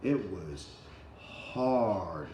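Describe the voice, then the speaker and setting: Animated man telling a motivational story. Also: sits low, drawn-out words, reverberant, slight background noise. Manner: animated storytelling with slang and swearing. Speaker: motivational speaker. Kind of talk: casual motivational talk.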